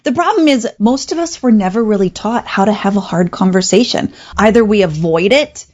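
A woman hosts a radio advice segment, calm and clear as she coaches her listeners. Her voice sits at an ordinary pitch for a woman. The sound is a little dull, like broadcast audio. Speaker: radio show host. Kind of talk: advice talk show monologue.

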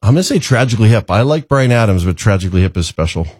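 A man's voice: fairly low pitch, animated, racing, darkish tone, husky, no echo, clean studio sound. A man from Canada, a radio co-host, chatting casually as a guest and cracking jokes. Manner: joking, wisecracking. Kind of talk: casual chat.

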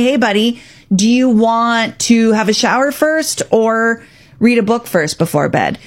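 Emphatic woman radio host. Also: mid-range voice. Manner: direct, emphatic, acts out parent and child quotes. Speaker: radio show host and parenting coach. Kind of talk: radio talk segment.

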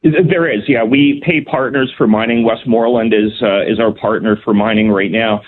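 A man's voice: lowish voice, steady tone, normal speed, a little hiss or hum. A man, a provincial cabinet minister answering radio interview questions in an earnest, emphatic way, full of "um" and restarts. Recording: phone-line call-in audio.

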